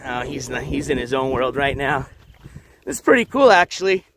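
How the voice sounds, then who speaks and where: A man's voice: medium pitch, big pitch swings, normal speed, a bit bright, a little hiss or hum. A man hosting a casual outdoor livestream as he walks through a dry riverbed, chatting with viewers and calling to his dogs. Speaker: livestream host. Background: dogs moving about outdoors.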